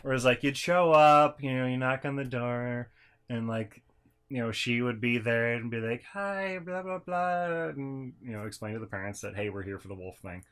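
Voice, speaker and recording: A man's voice: medium pitch, fairly even intonation, moderate pace, fairly bright tone. A man in casual podcast chat, telling a childhood story with lots of swearing and acted-out quotes. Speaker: podcast host.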